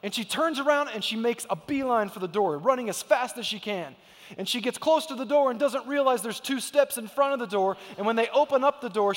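A man in his thirties preaches to his congregation with a high voice. He tells family stories with emphasis and acts out the voices in them. His words ring out with a long reverb through the church hall. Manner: emphatic storytelling, acts out quotes. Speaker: pastor. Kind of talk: sermon. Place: church sanctuary.

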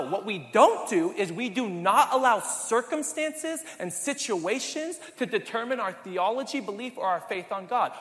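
A man's voice: high voice, a bit bright, in a large hall. A man pastor preaching a sermon in a conversational way, often asking the congregation questions.

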